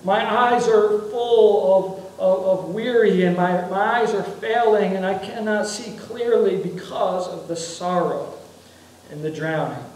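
A high-pitched male pastor preaches an earnest sermon at an unhurried pace, circling back and repeating his phrases. His voice rings through a very echoey church sanctuary, picked up from some distance away. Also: a little mellow. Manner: earnest preaching with frequent repetitions and restarts.

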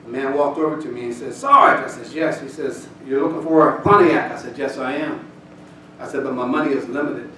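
A man preaching a sermon, telling a folksy personal story before building to loud, shouted scripture reading. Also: mid-range voice, steady tone, brisk, slight background noise. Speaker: pastor. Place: church sanctuary. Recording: echoey church hall, distant mic. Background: congregation responses, room ambience.

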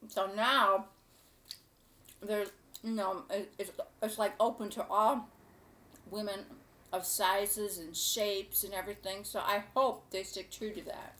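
Excitable woman chatting while eating. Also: medium pitch, slow. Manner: excitable, gushing and rambling. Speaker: cooking show host. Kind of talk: casual chat to camera.

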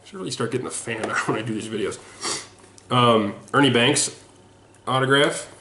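On a home video, a sports autograph collector casually shows off the returns he got by mail, rambling in a self-deprecating way with frequent ums and restarts. He sounds sweaty and slightly hoarse, with a medium-pitched, sharp-toned voice at a moderate pace. The room is echoey, with faint noise.

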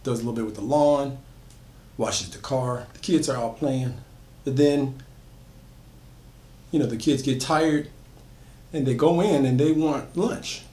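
A man's voice: mid-range voice, measured pace, long pauses, warm tone. A man retelling a horror story in a loose, conversational way, with frequent fillers and restarts. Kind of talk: casual spoken horror storytelling. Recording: echoey room.

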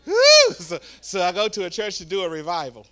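A man preaching a storytelling sermon, swinging from hushed asides to loud shouts. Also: high voice, brisk. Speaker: guest preacher. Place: church sanctuary.

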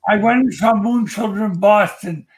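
High-voiced man chatting on a call. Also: normal speed, low-quality recording. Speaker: guest. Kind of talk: casual reminiscing.

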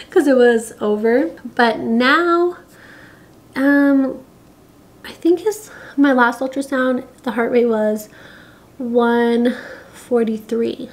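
A woman's voice: fairly high pitch, extremely slow, long pauses. A pregnant young woman talking casually to camera, chatty and giggly, with lots of fillers. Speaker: vlogger.

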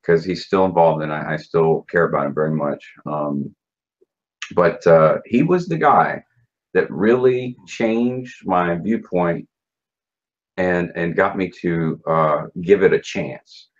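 Deep husky man telling his story. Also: takes it slowly. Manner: blunt, profane, many fillers and restarts. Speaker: interview guest. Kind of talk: casual recounting of personal story. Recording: dull lo-fi sound.

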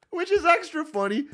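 A young man streaming, telling a casual story to his chat in a profane, animated way with frequent laughter. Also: very high-pitched.

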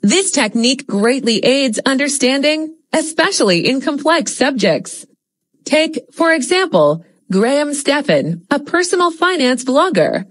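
A woman's voice: sits high, sing-song, a little slow, no room sound. A woman teaching English in a scripted lesson narration, explaining steadily and reading out example phrases.

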